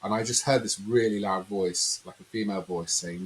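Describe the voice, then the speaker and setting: Man, very low voice, rambling storyteller, faint hiss behind. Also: normal speed, low-quality recording. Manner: rambling, animated storyteller who acts out quotes. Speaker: podcast guest. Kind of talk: storytelling in a conversational interview.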